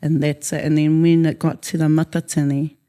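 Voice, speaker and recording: Mellow-voiced New woman, rambling. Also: low voice, flat delivery, a little fast. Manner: rambling, many fillers, mixes in Māori words. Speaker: interview guest, haka performer. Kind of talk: casual interview chat.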